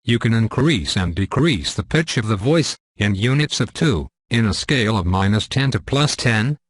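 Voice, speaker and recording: A man reading a scripted software tutorial in a measured, step-by-step instructional manner. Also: lowish voice, animated, no room sound, studio quality.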